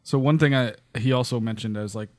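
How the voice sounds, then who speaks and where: A man co-hosting a podcast in a relaxed casual chat, laughing along. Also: mid-range voice, brisk. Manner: laid-back, laughs along. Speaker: podcast co-host.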